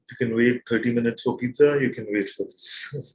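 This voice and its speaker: A man in the middle of his range leads a satsang as its teacher. He keeps coming back to one question and presses his listeners patiently. His tone stays light and playful, and now and then he laughs softly. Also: mid-range voice, fairly quick, low-quality recording. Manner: probing, asks repeated questions; gentle and playful, with soft laughs. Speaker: spiritual teacher. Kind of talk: satsang teaching to a live group.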